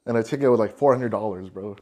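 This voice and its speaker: A man's voice: on the low side, fast talker, a little mellow. A man hosting a casual podcast, talking in slang, swearing and saying "bro" constantly. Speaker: podcast host. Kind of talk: casual chat.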